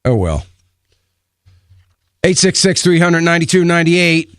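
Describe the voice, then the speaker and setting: A male talk radio host with a fairly high voice, speaking his mind with emphasis and tossing out rhetorical questions. The studio sound is dry and close, with no room echo. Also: big pitch swings, moderate pace, a bit bright. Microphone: studio microphone.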